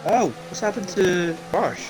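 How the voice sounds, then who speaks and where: A man's voice: high voice, measured pace, over music. A man commentating live on a sim race with a strained, fading voice and frequent startled exclamations. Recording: noisy stream audio with engine sound.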